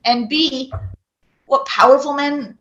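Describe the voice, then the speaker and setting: Recorded in a dull, echoey room, this podcast co-host has a high, slightly bright voice. In casual conversation she is outspoken and argumentative, delivering her points in quick bursts.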